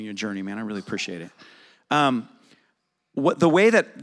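A man's voice: medium pitch, a bit bright. A middle-aged man preaching a sermon in a conversational way, asking his congregation questions. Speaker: pastor.

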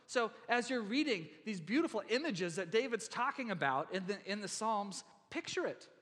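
A man preaching a sermon to his church in a relaxed, conversational way, with many fillers and restarts. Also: high-pitched, normal speed. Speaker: pastor. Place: church sanctuary. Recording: long hall reverb in a church.

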